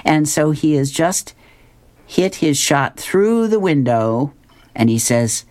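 A woman's voice: deep voice, animated, takes it slowly, a little mellow. A woman radio host chattily describing comic strips on air, with an amused manner.

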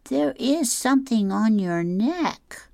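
A man doing a squeaky excited young boy. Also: takes it slowly, creaky, no room sound, clean studio sound, full character voice.

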